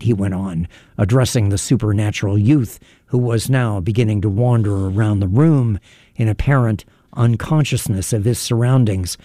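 A man narrating an audiobook in a measured, even manner. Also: on the low side, no room sound, clean studio sound.

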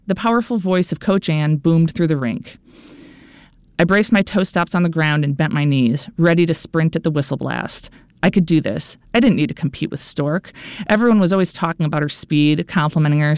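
A woman's voice: sits low, a little fast, a little mellow, clear, resonant tone, dry recording, studio quality. A woman narrating a first-person audiobook in an earnest, anxious inner-monologue manner.

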